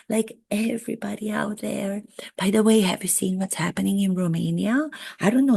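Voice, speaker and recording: A woman's voice: mid-range voice, creaky, darkish tone, breathy edge, dry recording, exaggerated voice. A woman doing a comic impression of a self-absorbed royal duchess in her forties, rambling through chatty, self-pitying asides. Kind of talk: satirical impression monologue.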